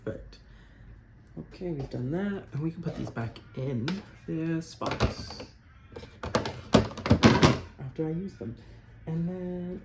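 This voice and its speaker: A man's voice: on the high side, slow pace, long pauses, noisy background. A young man hosting an unedited drag makeup tutorial at home, chatting in a campy, rambling, gossipy way as he works. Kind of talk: casual chatty talk while doing makeup. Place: warm room at home.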